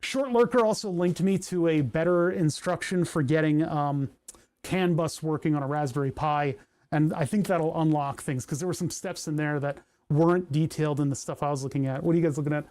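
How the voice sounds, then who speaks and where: A man's voice: fairly high pitch, a little fast, darkish tone. A man from Pennsylvania livestreaming, chatting casually and rambling while reading his chat aloud. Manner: rambling, self-deprecating, reads chat aloud. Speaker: streamer.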